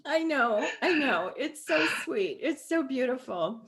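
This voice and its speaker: A woman's voice: high-pitched, animated, unhurried, crowd noise. Emotional woman hosting a video call. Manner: warm, affectionate, tearful at times. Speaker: masterclass host. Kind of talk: live video call talk.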